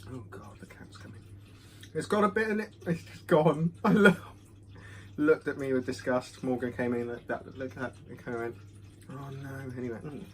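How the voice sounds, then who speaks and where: A man's voice: mid-range voice, fairly even intonation, a little fast, a little hiss or hum. A man giving a casual, rambling whisky review at home. He is self-deprecating and fills his talk with ums, recorded on a phone. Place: home room. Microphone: phone camera.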